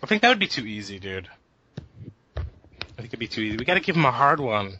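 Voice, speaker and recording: A man's voice: mid-range voice, very animated, fast, sharp tone, lo-fi sound, a little hiss or hum. A man co-hosting a gaming podcast, chatting casually, often hesitant and thinking aloud. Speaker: podcast co-host. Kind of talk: casual chat.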